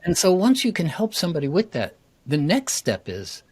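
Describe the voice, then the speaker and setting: A man who coaches public speaking talks in a podcast interview, animated and eager, jumping up in pitch to stress his points. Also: moderate pace, husky. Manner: animated, enthusiastic, jumps up in pitch for emphasis. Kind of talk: casual interview chat.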